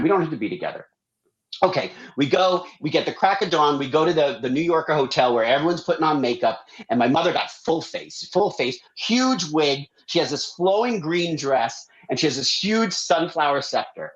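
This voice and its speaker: A man, a guest on a talk show, telling a long family story in a casual, animated way and acting out the voices of the people in it. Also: fairly high pitch, moderate pace, few pauses, dull audio.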